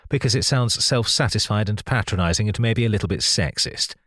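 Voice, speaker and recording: A man's voice: on the low side, a little fast, a bit bright, no room sound, clean studio sound. A man voicing an outgoing young husband who talks with enthusiasm, in an audiobook reading. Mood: enthusiastic. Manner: enthusiastic, chatty.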